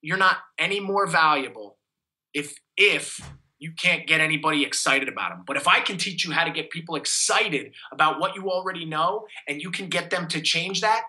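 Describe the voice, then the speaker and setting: A man's voice: fairly high pitch, moderate pace, bright, forceful tone, low-quality recording. A man, giving an enthusiastic, motivational interview as a fitness coach. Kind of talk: energetic interview talk.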